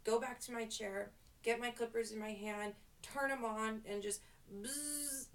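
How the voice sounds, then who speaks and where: A young woman with a fairly high voice tells a story to her vlog camera in a rambling, self-deprecating way. She sounds set back from the mic. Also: steady tone, moderate pace. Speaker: hairstylist. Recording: voice distant from the mic.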